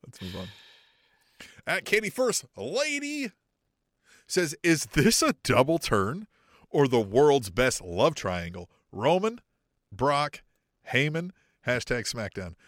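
A man co-hosting a podcast in casual chat, animated, swearing freely and acting out lines. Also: on the high side, measured pace, long pauses, no room sound, studio quality. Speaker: podcast co-host.

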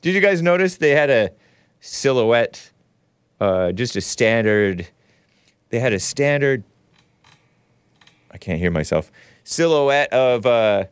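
Male show host, sarcastic, lively up-and-down delivery, dry close sound. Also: mid-range voice, takes it slowly, long pauses, smooth, no room sound. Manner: sarcastic, mocking. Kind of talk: casual commentary.

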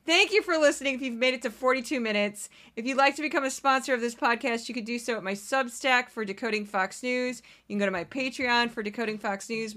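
A woman's voice: fairly high pitch, sharp tone. An American woman hosting a casual solo podcast, chatty and rambling, laughing often into a home microphone. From United States. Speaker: podcast host.

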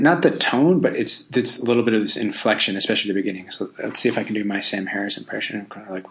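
Man, podcast host, gravelly fry, lowish voice, rambling self-deprecating talk. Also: steady tone, rapid-fire, few pauses, a bit bright. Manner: thinking aloud, loose and self-deprecating; frequent ums and restarts. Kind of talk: casual solo podcast talk.

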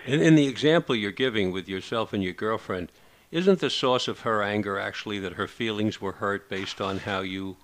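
Halting male radio host. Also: on the low side. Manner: halting, many fillers and repeats. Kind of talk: interview hosting.

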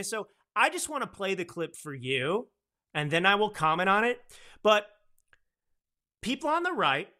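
Bright high-pitched guy ranting on his political podcast, voice jumping all over. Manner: emphatic, animated, talks to his producer. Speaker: podcast host.

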